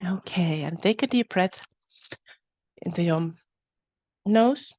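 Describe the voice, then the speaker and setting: A woman leads a guided tapping exercise in unhurried, repetitive phrases, her voice sitting a little low. The sound is close and dry, with the muffled, lo-fi quality of a video call. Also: dry recording. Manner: slow, calm, repetitive phrasing. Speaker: webinar host leading a tapping exercise. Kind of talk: guided repeat-after-me instruction.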